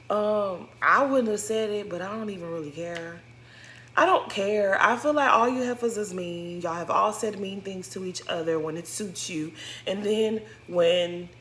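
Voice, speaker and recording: Sassy, exasperated young woman with a bright voice. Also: fairly low pitch, slight background noise. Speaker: reality TV recap commentator. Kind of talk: casual commentary.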